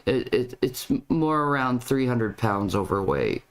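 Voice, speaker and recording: Low voiced lady doing commentary, stammers a lot, repeats herself. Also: lively intonation, unhurried. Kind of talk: reaction commentary.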